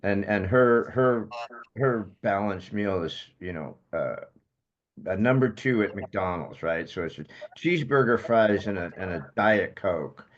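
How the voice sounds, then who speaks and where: A man's voice: on the low side, lively intonation, measured pace, dull audio. A man hosting a podcast interview, chatting casually and telling stories with jokey asides. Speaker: podcast host.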